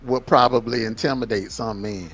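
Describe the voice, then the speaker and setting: A man's voice: medium pitch, fairly even intonation, moderate pace, fairly bright tone. A man chatting casually on a live stream, easygoing and full of compliments. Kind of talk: casual chat.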